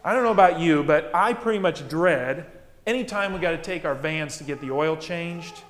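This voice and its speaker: A male pastor preaching with emphasis, his voice sitting a bit high. He drives points home by repeating them. The sound carries a long, roomy church reverb. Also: moderate pace, a bit bright. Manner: emphatic, repeats key phrases. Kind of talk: sermon.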